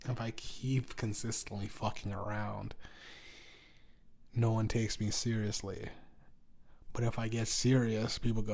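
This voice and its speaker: A young man with a sore throat rambles through a solo podcast, clearing his throat now and then. He swears freely, flaring up hot and then sinking into low mutters. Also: steady tone, unhurried, darkish tone. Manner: profane, rambling, swings from heated to mumbling. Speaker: podcast host.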